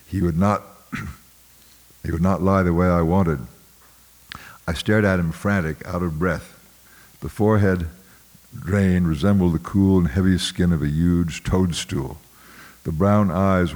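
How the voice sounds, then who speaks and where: Deep-voiced man reading somber literary narration. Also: darkish tone. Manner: measured, somber, with occasional throat clearing and slips. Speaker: audiobook narrator. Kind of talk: literary narration read aloud.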